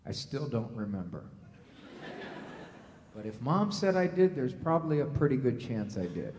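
A man's voice: mid-range voice, sing-song, normal speed, darkish tone, slight background noise, pitched below the performer's own voice. A man voicing a sheepish, evasive young boy, in an echoey hall.

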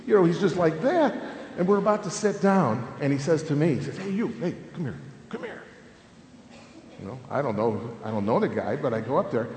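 A man in his fifties gives an animated, joking conference talk, his pitch bouncing up and down as he tells family stories. He keeps tagging "okay?" onto his sentences. The sound is roomy, with a long hall reverb and faint background noise. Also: fast. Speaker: speaker at a Catholic family ministry conference.

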